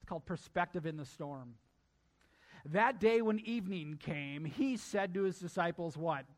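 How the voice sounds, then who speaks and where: A man's voice: high voice, normal speed. A male pastor preaching a sermon emphatically, repeating key lines and addressing his congregation directly.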